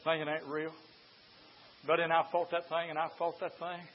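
An older man preaching a sermon in a church. He is impassioned and swings from hushed talk to loud shouting. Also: fairly high pitch, completely flat delivery, moderate pace, slight background noise. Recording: lo-fi recording.

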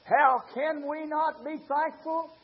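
High-voiced fervent preacher. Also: male voice, fairly even intonation, slow, background noise. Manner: fervent shouted preaching in rhythmic bursts, dropping to low asides. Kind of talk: sermon. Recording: dull lo-fi recording with faint congregation.

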